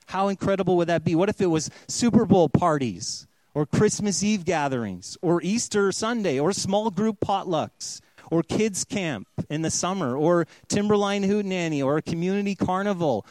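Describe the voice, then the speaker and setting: Middle-aged guy preaching, chatty, does little voices for quotes, bit high pitched, dry sound. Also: normal speed, a little mellow, dry recording, poor audio. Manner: conversational, acts out quoted voices. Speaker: pastor. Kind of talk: sermon.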